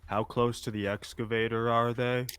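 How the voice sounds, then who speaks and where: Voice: mid-range voice, flat delivery, moderate pace, fairly bright tone, smooth. A player in a tabletop game, challenging and goading the other side. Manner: taunting, confrontational. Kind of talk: tabletop role-play.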